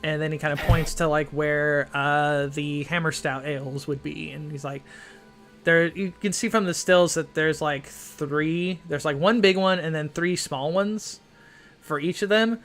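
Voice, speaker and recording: Bright-voiced man running a tabletop game. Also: a little high, fairly even intonation, unhurried, faint music behind. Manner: rambling, lots of fillers and hedges. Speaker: game master.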